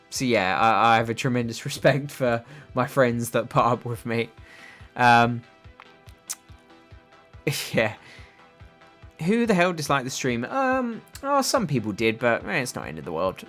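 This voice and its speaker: A man's voice: mid-range voice, very animated, a little slow, fairly bright tone. Young male streamer, casual and rambling, reads chat aloud over a desk mic, faint background music. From England. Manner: chatty, rambling, with frequent fillers. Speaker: livestream host. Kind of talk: casual livestream chat reading viewer comments. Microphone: desk microphone.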